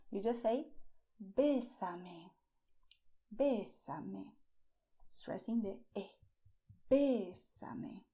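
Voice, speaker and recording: Woman, beginner language lesson, slow delivery, higher pitch, repeats words. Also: warm tone. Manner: slow, repeats words, ends points with "okay?". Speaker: Spanish teacher.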